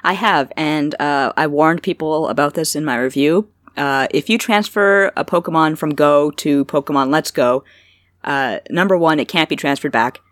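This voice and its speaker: Low-voiced woman podcast co-host. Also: moderate pace, dry recording, clean studio sound. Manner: relaxed, informative, matter-of-fact. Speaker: podcast co-host, game reviewer. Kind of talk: casual podcast chat.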